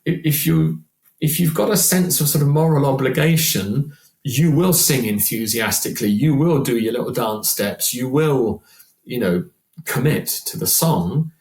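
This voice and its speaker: Man, 60s, animated, chatty, repeats words, roomy echo. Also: medium pitch, normal speed. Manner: animated, chatty, repeats words while acting out quoted voices. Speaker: podcast guest, singer. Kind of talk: casual podcast conversation.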